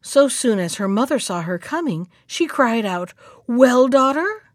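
A woman storyteller reading a fairy tale aloud in a measured, clear way. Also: medium pitch, animated, no room sound, clean studio sound. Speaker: storyteller and podcast host.

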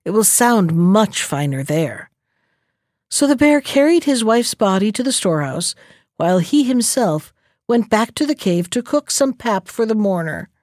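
A woman narrating an animal folktale in an expressive, measured storybook style. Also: fairly high pitch, no room sound, studio quality.

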